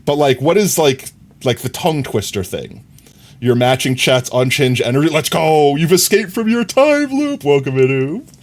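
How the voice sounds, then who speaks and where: Lively, laughing male game streamer. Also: a little high. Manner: rambling, self-correcting, quick to laugh. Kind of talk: casual live-stream chat while gaming.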